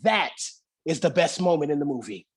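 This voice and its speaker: A man giving a guest sermon at a church service, telling stories with lively acted-out quotes and dropping into soft, slow reflection. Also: husky. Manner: animated storytelling with acted-out quotes; slows to soft, low-voiced reflection. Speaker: guest speaker.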